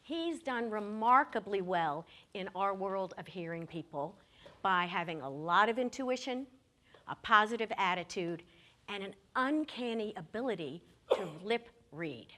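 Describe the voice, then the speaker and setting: A woman performing a solo comic story on stage in a small theater, acting out the dialogue in an animated way. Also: mid-range voice, unhurried.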